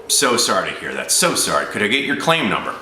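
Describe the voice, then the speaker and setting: A man's voice: on the low side, huge pitch swings, fast, bright, forceful tone, full character voice. A man voicing a chatty male insurance agent who is overly sympathetic and nosy. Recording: roomy echo.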